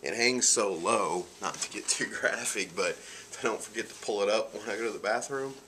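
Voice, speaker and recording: Nasal low-voiced man. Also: moderate pace, pushed and bright, slight background noise. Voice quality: nasal from allergies. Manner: chatty, upbeat, laughs often. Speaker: vlogger. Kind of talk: casual video diary.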